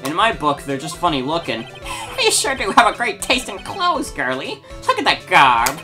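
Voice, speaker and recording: A woman voicing a loud, jokey male circus clown who cackles at his own puns. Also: fairly low pitch, wildly swooping pitch, normal speed, over music, voice pushed up. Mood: boisterous.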